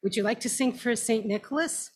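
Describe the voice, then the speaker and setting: A woman's voice: fairly high pitch, brisk, husky. A woman putting on a jovial male company boss.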